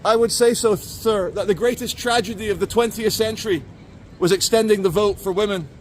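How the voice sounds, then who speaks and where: A man's voice: sits high, brisk, slight background noise, voice pushed up, lightly acted. A man putting on a prim ranting woman. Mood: mock-righteous. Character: opinionated woman ranting against women voting. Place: outdoors in a city street.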